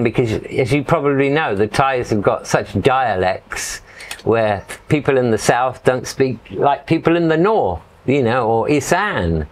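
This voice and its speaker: A man's voice: mid-range voice, lively intonation, unhurried. A middle-aged man from England telling stories in a casual, rambling way as an interview guest, dropping "you know" often. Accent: English. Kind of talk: casual storytelling.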